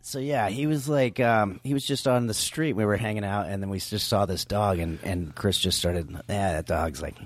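A man guesting on a comedy podcast, telling rambling stories with halting restarts. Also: on the low side, a little hiss or hum. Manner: rambling storyteller, halting restarts, laughs often. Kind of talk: casual comedy chat.

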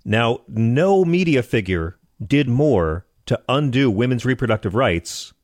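A man talking politics with sarcastic disbelief, at a middling pitch. His voice is recorded dry and close, with no room echo. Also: big pitch swings, unhurried, a little mellow. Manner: sarcastic, incredulous. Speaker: political commentator. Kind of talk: casual political chat.

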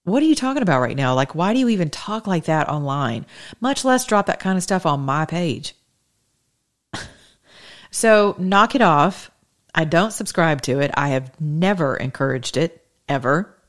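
A middle-aged woman hosting a political talk show, speaking in an animated, sassy monologue full of rhetorical questions. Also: deep voice, unhurried. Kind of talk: opinionated monologue to listeners.

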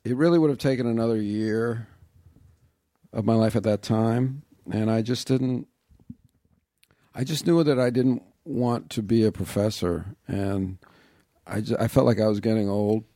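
Man, podcast guest, low voice, mellow tone, wry and self-deprecating, close dry mic. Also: a little slow, dry recording. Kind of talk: casual interview chat.

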